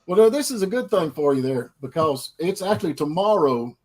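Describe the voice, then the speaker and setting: Brief: middle-aged man, husky, rambling livestream host. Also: on the high side, lively intonation, fairly quick, a little mellow. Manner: folksy, rambling. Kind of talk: casual chat on a livestream.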